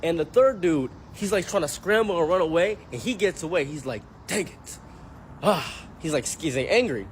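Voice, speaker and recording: A commentary YouTuber telling a comic story, animated and joking, acting out every character he mentions. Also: fairly high pitch, fairly quick, few pauses, a little hiss or hum. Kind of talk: comedic storytelling.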